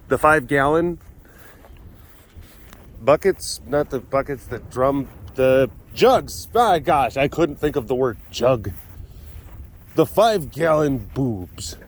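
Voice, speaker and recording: A man's voice: medium pitch, animated, takes it slowly, long pauses. A man working as an animal caretaker, chatting casually as he walks the rounds outdoors and laughing often. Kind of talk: casual vlog walkthrough. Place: outdoor animal facility in winter.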